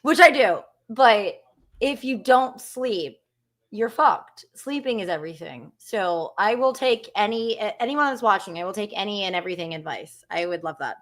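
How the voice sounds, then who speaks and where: A woman in her thirties, calling in as a guest on a live show, launches into a heated, profane rant. Her medium-pitched voice is animated and a bit bright, at a moderate pace.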